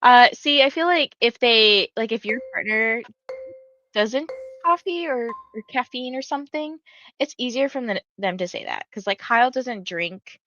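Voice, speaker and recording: A woman's voice: a little high, lively intonation, moderate pace, a bit bright, lo-fi sound, faint music behind. A woman in her thirties hosting a casual livestream, chatting in a rambling way and reading viewer comments aloud. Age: 30s. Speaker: livestream host.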